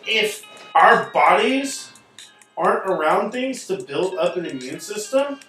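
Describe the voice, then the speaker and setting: A man talking in a casual chat, animated and swearing often, acting out quoted people as he rants. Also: high-pitched, heavy reverb, distant mic, low-quality recording. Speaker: podcast host.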